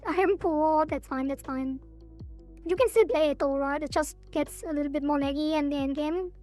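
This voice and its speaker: Casting: high-pitched woman dev streamer, casual and hedging, voice a little cracked, faint music underneath. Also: moderate pace, darkish tone. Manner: thinks aloud, hedging, frequent laughs. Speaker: game developer streamer. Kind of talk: casual live-stream chat.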